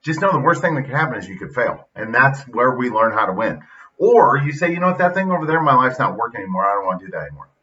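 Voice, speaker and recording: A man's voice: mid-range voice, sing-song, fast, pushed and bright, recorded from a distance. A middle-aged man hosting a casual motivational monologue, blunt and folksy, retelling stories with quoted dialogue. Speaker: podcast host and youth football coach. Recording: dull lo-fi sound, slightly off-mic.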